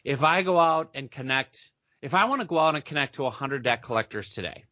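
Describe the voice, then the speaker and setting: A man being interviewed as a business coach on a podcast, talking fast and eagerly and acting out chat messages as he goes. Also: mid-range voice, expressive, bright, forceful tone, no room sound, highs cut off. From Minneapolis area, United States.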